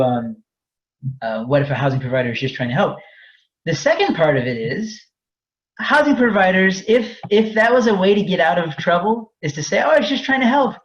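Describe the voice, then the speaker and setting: A man's voice: mid-range voice, breathy edge, muffled recording. A man presenting a fair housing webinar, explaining in a candid, conversational way with frequent restarts. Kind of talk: webinar lecture.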